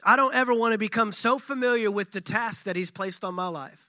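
A man's voice: high-pitched, a little fast, sharp tone, dry recording. A man preaching a sermon as pastor. He speaks emphatically and repeats phrases for weight. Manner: emphatic, repetitive preaching with acted quotes.

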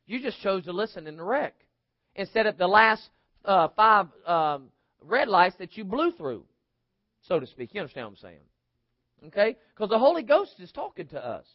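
A man's voice: high-pitched, big pitch swings, moderate pace, pauses often, dry recording, lo-fi sound. A man preaching a sermon in an emphatic, conversational way, asking the congregation rhetorical questions. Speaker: pastor.

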